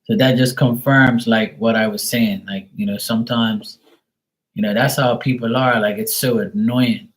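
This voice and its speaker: A man's voice: mid-range voice, steady tone, moderate pace, rough recording. A middle-aged man hosting a live stream in casual, rambling chat, blunt and profane, with many fillers, sometimes acting out other people in raised voices.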